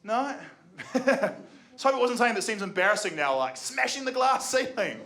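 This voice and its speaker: A man's voice: very high voice, lively intonation, moderate pace. A young man with a New Zealand accent doing live stand-up comedy, sardonic and sweary, often laughing at his own jokes. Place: comedy venue before a live audience. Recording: loud crowd laughter and room noise.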